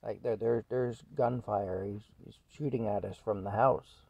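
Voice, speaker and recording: A man's voice: lowish voice, fairly even intonation, a little slow, lo-fi sound. A man casually telling a rambling story at home, with chuckles and fillers. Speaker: vlogger telling stories.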